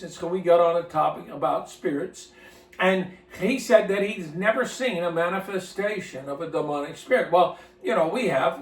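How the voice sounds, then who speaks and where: High-voiced minister telling a story. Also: male voice, recorded from a distance. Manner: folksy, rambling, repeats words. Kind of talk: casual storytelling to camera. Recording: roomy sound from off-mic.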